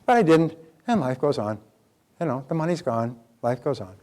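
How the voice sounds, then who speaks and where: An older man speaks earnestly at a live seminar, his pitch sitting in the ordinary middle range for a man. He talks in a conversational way, often turning to the audience with questions as he teaches. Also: sing-song, normal speed, mellow. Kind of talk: motivational seminar lecture.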